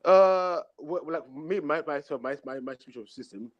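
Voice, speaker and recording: A man calling into a live chat, halting and restarting his sentences. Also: on the high side, lo-fi sound. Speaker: caller.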